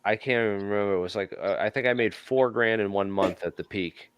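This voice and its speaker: A man, a physicist guest, chatting casually in a soft-spoken way, trailing off and repeating words. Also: fairly low pitch, brisk, crowd noise. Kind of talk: casual chat.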